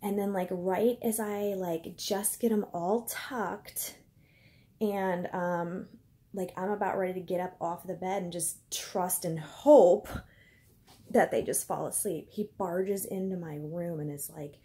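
A woman's voice: on the low side, steady tone, slow pace, warm tone. A woman in her thirties telling a personal story in a casual home vlog, chatty, with many fillers, and acting out what people said. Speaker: vlogger. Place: indoors at home.

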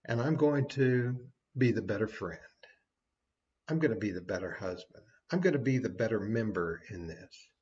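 A man's voice: mid-range voice, a little mellow, dull audio. A man giving a short devotional sermon as a preacher, folksy and conversational with small asides.

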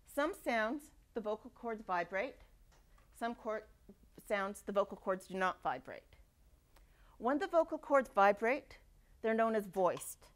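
A woman giving a university lecture, lively and demonstrating speech sounds aloud. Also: medium pitch, takes it slowly. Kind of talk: classroom lecture. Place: lecture hall.

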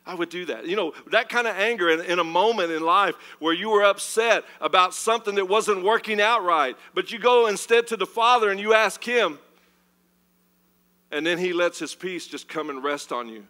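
A man preaching a sermon as pastor, animated and swinging between loud, urgent passages and hushed ones. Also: high-pitched, normal speed. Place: church.

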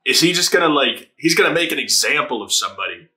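A man reacting casually to an anime episode, excitable and laughing often, with a lot of swearing and quick put-on voices for the characters. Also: on the high side.

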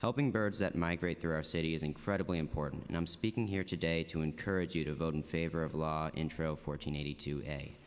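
A man's voice: extremely low pitch, fairly even intonation, quick pace, few pauses, clean tone. A teenage boy earnestly reading prepared testimony as a student witness. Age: teens. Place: council chamber. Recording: long reverb in a hall.

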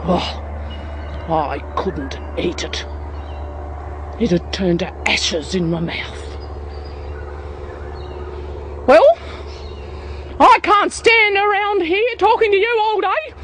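A woman's voice: very high voice, very animated, slow pace, long pauses, a bit bright, slight background noise, pitched above the performer's own voice, full character voice. A woman voicing a gossipy older lady, theatrical and swooping. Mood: dramatic.

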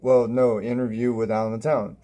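A man's voice: medium pitch, flat delivery, fairly quick, dark tone. A man hosting his own goofy video, giggling and tripping over his words as he corrects himself. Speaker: vlogger. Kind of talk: goofy self-made comedy video.

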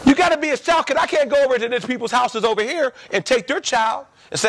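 A man's voice: extremely high pitch, quick pace, fairly bright tone, a little hiss or hum. A man preaching a sermon to a church congregation, emphatic and repeating his lines, asking the people questions.

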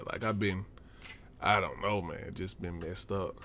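A man's voice: low-pitched, steady tone, unhurried, fairly bright tone. Man, Southern US accent, laid-back drawl, gaming commentary, faint hiss behind. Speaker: let's play gamer.

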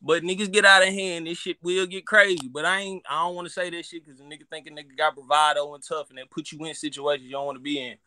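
A man with a Southern US accent, talking in an animated, profane, ranting way during a casual live chat. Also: a little high, quick pace, hardly any pauses.

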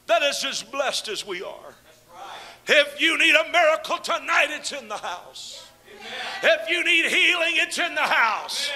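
Preacher, man, very high tense voice, fiery sermon that jumps from shouting to quiet chat with the congregation. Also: expressive, a little slow, soft background music, some chatter behind. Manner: swings between shouted proclamation and low conversational asides; calls out to the congregation.

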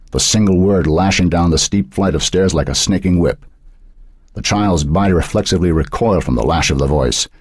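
A man narrating an audiobook in a dark, suspenseful reading style. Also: sits low, husky, dry recording, studio quality. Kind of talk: scripted narration.

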